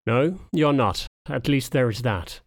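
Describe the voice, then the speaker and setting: A man's voice: mid-range voice, lively intonation, no echo, studio quality. A man voicing an aloof old male spaniel lord who speaks curtly and dismissively, in an audiobook reading. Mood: cold, dismissive. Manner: curt, dismissive, unhurried.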